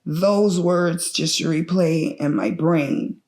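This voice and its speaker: A middle-aged woman giving emotional personal testimony as a bereaved mother, earnest and halting, her voice breaking with grief. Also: fairly low pitch, steady tone, a little mellow, reverberant.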